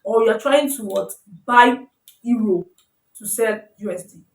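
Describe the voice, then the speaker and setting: This forex trading teacher speaks a little fast in a fairly high, darkish voice, recorded from a distance in a roomy space. Walking through slides in a casual tutorial, she corrects herself mid-sentence and repeatedly checks in with "you understand?"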